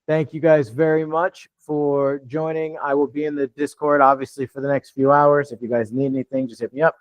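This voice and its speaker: A man's voice: on the high side, level tone, a little fast, no room sound. A man in his fifties coaching a live online Q&A on real estate investing, talking casually and plainly in his lighter "customer service" voice, often checking in with "you know what I'm saying.". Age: 50s. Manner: talks in a lighter "customer service voice" than his usual one.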